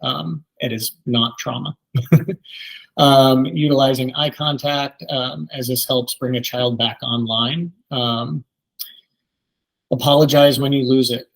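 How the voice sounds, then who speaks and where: Male therapist in his 30s, relaxed presenter, frequent fillers, mid pitch. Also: takes it slowly, vocal fry, low-quality recording. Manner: many ums, conversational teaching. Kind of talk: training presentation.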